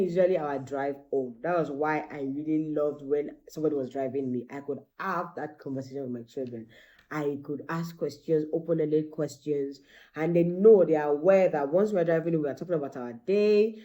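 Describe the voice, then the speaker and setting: A middle-aged woman, a teacher and mother, giving animated parenting advice and acting out bits of dialogue. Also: low-pitched. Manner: animated, acts out quoted dialogue.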